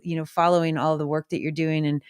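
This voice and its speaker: A woman's voice: low voice, level tone, quick pace, darkish tone, smooth, no echo, clean studio sound. A woman podcast host in a casual remote interview, gushing with enthusiastic praise.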